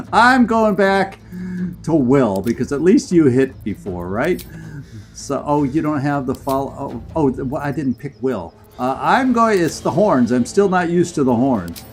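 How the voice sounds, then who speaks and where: A man streaming a video game, chatting and commentating as he plays, getting excited and laughing often. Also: fairly high pitch, a little slow. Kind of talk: live gameplay commentary.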